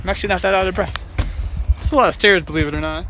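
Speaking very fast in a high voice over background noise, the middle-aged man keeps up his casual hiking vlog at the state park. He jokes, teases himself, and stays playful throughout.

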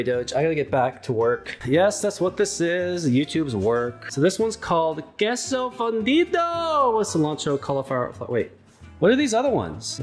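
Rambling home vlogger filmed on a handheld camera, lively and singsong, dropping into coos for the dog. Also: mid-range voice. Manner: chatty, rambling, coos in baby talk to a pet dog. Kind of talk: casual cooking vlog. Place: house, indoors.

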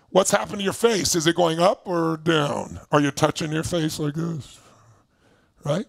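Husky energetic motivational guy, gravelly voice, dry close sound, keeps saying right?. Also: high-pitched, no room sound. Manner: energetic, emphatic, coaxing audience with repeated "right?". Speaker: motivational speaker. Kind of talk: live seminar coaching over video call.

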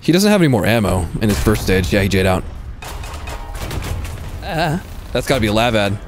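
A man giving live gameplay commentary as a streamer, excitable, swearing freely and mocking himself. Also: on the low side, moderate pace, a little hiss or hum. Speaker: gaming streamer.

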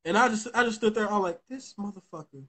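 A man's voice: sits high, quick pace, a bit bright. A young man tells a story to his viewers in a rambling, profane way, full of restarts. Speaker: vlogger addressing his viewers. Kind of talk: casual storytelling commentary.

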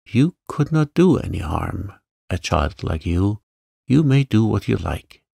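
Tired, distracted storybook gentleman, muttering and slow, as a calm male narrator puts him on. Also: on the low side, vocal fry, slightly rough, dry recording, clean studio sound, heavily acted. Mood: weary. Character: weary, fretful grieving gentleman guardian.

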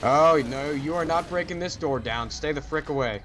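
A man giving casual co-op gameplay commentary, chatty and jokey, with quick exclamations as the action unfolds. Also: a little high, fairly bright tone, slight background noise, rough recording. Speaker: gamer.

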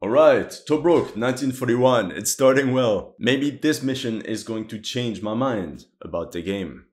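A man of ordinary, mid-range pitch talks through a video game as an amateur historian. He is animated and often incredulous, breaking in with exclamations and laughter. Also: measured pace. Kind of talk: reaction commentary.

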